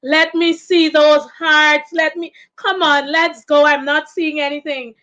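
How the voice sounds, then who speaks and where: A woman's voice: sits high, flat delivery, a little slow, bright, forceful tone. A woman hosting a live stream, coaxing the viewers to write in the chat. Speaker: host.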